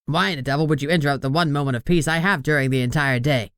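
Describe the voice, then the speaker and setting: Gruff male boss, barking, always loud, a man doing the voice. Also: on the high side, fast, no room sound, clean studio sound, close to an everyday voice. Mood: irritated.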